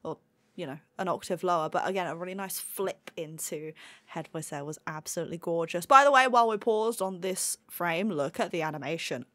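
A woman's voice: on the low side, a little fast, a bit bright, dry recording. Gushing woman analyzing a song. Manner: enthusiastic, gushing and analytical about vocal technique. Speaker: singer reacting to a song. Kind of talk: casual reaction commentary.

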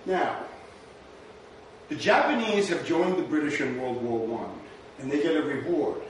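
A man's fairly high, expressive voice unfolds a history lecture at an unhurried pace, conversational and rhetorical with many "right?" asides. The lecture room sounds very echoey through a distant mic, with faint background noise.

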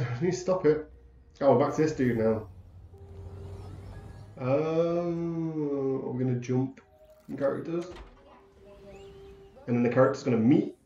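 A man's voice: medium pitch, unhurried, pauses often, dark tone, reverberant, lo-fi sound. A man commenting on a game as he plays, swearing and joking at it. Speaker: gamer. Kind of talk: let's play commentary. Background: game music.

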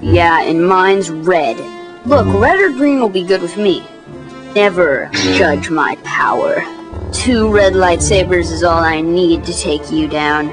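A young woman doing all the voices in a homemade toy-figure animation, jumping from one character to the next with big pitch swings. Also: a little slow, music in the background. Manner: switches pitch wildly between characters, often squealing high.

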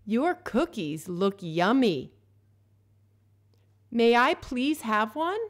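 A woman voicing a patient mother in a children's story read aloud, calmly and gently correcting her small boy. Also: on the high side, drawn-out words, exaggerated voice. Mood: kind.

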